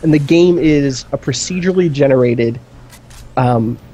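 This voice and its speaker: A man's voice: medium pitch, normal speed, warm tone, husky. A man co-hosting a gaming stream, talking in a casual, enthusiastic, rambling way with lots of fillers. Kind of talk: casual chat. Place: indoor streaming setup.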